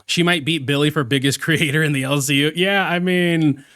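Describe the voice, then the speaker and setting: Man, reaction commentary, casual, rambling, somewhat high voice, dry close sound. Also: moderate pace, a bit bright, no echo.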